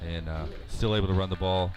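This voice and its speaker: A man giving color commentary on a high school football game in a relaxed, conversational way. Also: fast.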